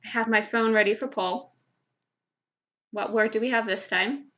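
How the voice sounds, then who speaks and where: A woman's voice: fairly high pitch, moderate pace, a bit bright. A woman hosting a live game show from home, chatty and giggly as she tells stories. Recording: dull lo-fi livestream audio.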